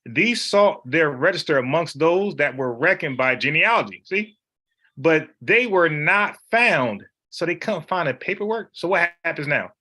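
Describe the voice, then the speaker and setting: A man's voice: a little high, expressive, moderate pace, hardly any pauses, pushed and bright. A man leading an informal Bible study, talking in an emphatic, slangy, conversational way.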